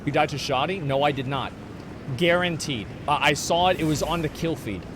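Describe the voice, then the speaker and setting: A man streaming a video game live, frustrated and profane, arguing with his chat and bursting into shouts between muttered lines. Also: fairly high pitch, fast talker, background noise. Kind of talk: live gameplay commentary, talking to chat.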